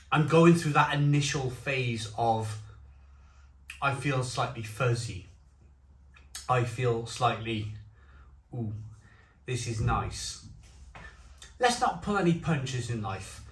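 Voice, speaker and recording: Chatty man, bright voice. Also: mid-range voice, lively intonation, slow, pauses often. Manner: chatty and rambling, with stammered restarts. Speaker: beer reviewer. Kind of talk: casual tasting chat to camera. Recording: echoey room.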